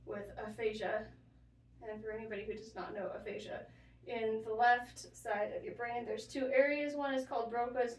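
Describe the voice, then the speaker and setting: High-voiced woman joking dryly. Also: a little hiss or hum. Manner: dry sarcastic joking. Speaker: podcast co-host. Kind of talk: casual chat. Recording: roomy sound, distant mic.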